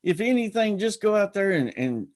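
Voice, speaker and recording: A man's voice: sits high, big pitch swings, normal speed, darkish tone. A man hosting a casual livestream, rambling and greeting viewers by name. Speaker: livestream host.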